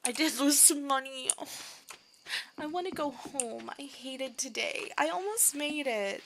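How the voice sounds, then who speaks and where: A woman's voice: high voice, unhurried, a bit bright, slight background noise. A young woman giving casual, self-deprecating commentary while playing a game, laughing often. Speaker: gaming video creator. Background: keyboard clicks and typing.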